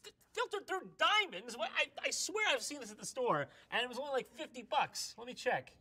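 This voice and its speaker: Mocking commentary guy, high voice bouncing all over, sarcastic. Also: sing-song, quick pace, husky. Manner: sarcastic, mocking, loud outbursts. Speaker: host.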